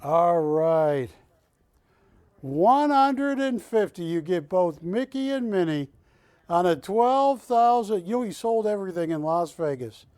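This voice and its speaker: High-voiced, jokey man calling auction bids. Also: animated, a little slow, darkish tone, no echo. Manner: jokey, chatty, calls bids and counts them down. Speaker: auction host. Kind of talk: live shopping-channel auction patter. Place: TV studio.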